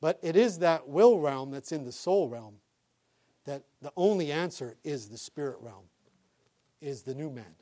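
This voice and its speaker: A middle-aged male pastor preaching a sermon and telling stories in an animated way, chuckling along. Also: a little high, unhurried.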